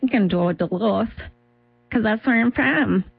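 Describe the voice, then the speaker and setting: A woman doing a deadpan Duluth local. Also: medium pitch, normal speed, vocal fry, breathy edge, no echo, narrow, tinny audio, soft background music. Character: flat-voiced Duluth woman, blunt.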